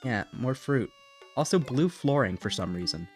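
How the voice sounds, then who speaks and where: A man's voice: mid-range voice, lively intonation, moderate pace. A man giving casual gaming commentary as a streamer, goofy and self-mocking, sometimes slipping into a silly put-on accent. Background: game music.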